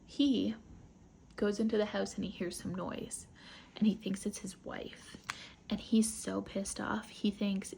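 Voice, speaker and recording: Chatty woman with vocal fry. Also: medium pitch, little pitch movement, measured pace, dark tone, slight background noise. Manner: chatty, rambling retelling with asides. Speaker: book club vlogger. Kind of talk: casual book recap.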